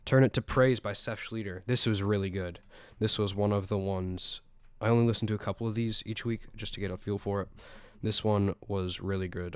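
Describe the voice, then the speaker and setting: A teenage boy from South Carolina hosts a podcast, rambling happily and enthusiastically through a music roundup in a chatty way. His low, smooth voice barely moves in pitch, and the recording is dry and close.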